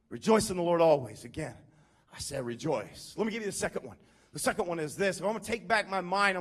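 A male pastor preaching a sermon in a conversational, animated way, calling out questions to his congregation. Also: sits high, breathy edge.

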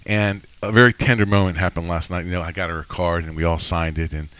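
A man's voice: deep voice, fairly even intonation, fast, a bit bright, clean tone, no room sound. A man in his sixties hosting a faith podcast, telling emotional stories in a rambling way with many restarts. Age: 60s. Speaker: podcast host. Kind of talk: casual faith podcast chat.

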